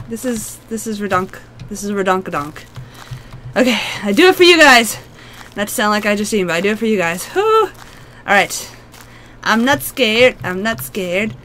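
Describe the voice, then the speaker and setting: Hoarse, chatty woman gamer. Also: mid-range voice, a bit bright, a little hiss or hum. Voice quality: husky, smoker-like voice. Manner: chatty, jumpy, self-mocking. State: hoarse from a long cough. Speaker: gaming video host. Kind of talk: casual let's-play commentary.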